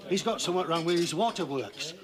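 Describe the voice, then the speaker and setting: An actor playing a grumbling old Yorkshire farmer. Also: male voice, on the high side, lively intonation, quick pace, a loud crowd, close to an everyday voice. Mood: aggrieved. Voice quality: broad, gruff, earthy dialect speech. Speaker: farmer client. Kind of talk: 1970s television drama acting.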